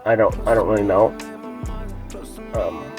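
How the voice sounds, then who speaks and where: A man's voice: fairly low pitch, unhurried, over music, poor audio. A man talking casually to the camera in a rambling, profane monologue full of fillers and restarts.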